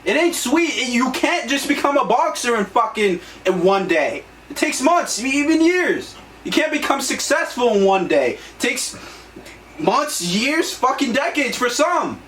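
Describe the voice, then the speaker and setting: A man's voice: extremely high pitch, big pitch swings, unhurried, fairly bright tone. A young man co-hosting a podcast, giving blunt, profane motivational talk. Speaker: podcast co-host. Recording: echoey room, distant mic, faint noise.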